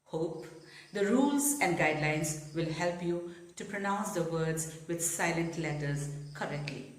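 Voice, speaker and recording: A woman's voice: on the low side, animated, measured pace. A woman with an Indian English accent, a native Assamese speaker, teaching pronunciation patiently, spelling words letter by letter and repeating them. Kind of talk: slow spelled-out pronunciation lesson. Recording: echoey room.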